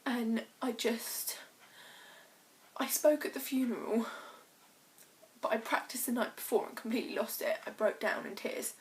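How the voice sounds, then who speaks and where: Teen girl on her vlog, kinda high voice, choked up n halting, really earnest. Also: fairly even intonation. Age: teens. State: choked up, tearful. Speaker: vlogger. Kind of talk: personal confessional vlog.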